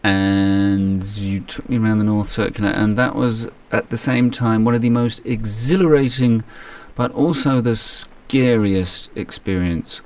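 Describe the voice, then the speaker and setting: British man, low voice, podcast host, a bit distant from the mic, curious questions. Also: steady tone, measured pace, few pauses, darkish tone. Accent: British English. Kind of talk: casual interview chat.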